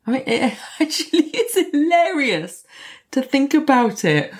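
Middle-aged woman, coach, candid reflective talk, gravelly fry in her voice, occasional swearing. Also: mid-range voice, animated, unhurried.

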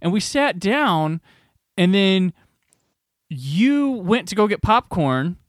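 A man's voice: high voice, big pitch swings, takes it slowly, no echo, clean studio sound. A man from the Midwest US hosting a podcast, telling stories in a casual chat and laughing along the way. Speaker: podcast host.

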